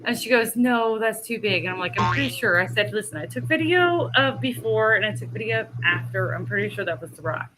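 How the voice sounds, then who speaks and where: A middle-aged woman co-hosting a podcast, telling a story in a casual, animated way, laughing often and acting out what people said. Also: medium pitch, brisk, few pauses, soft background music. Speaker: podcast co-host.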